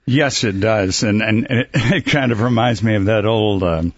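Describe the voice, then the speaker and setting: A man, a communication coach, giving measured answers as a talk show guest. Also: on the low side, breathy edge, no room sound, lo-fi sound. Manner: measured, quotes sayings, chuckles. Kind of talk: radio interview guest.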